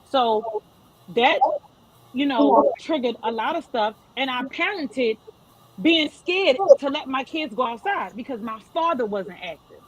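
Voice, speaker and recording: A woman in her thirties, a guest on a discussion panel, gives earnest and emphatic advice to parents. Her high voice is animated and a little slow, and the recording is rough.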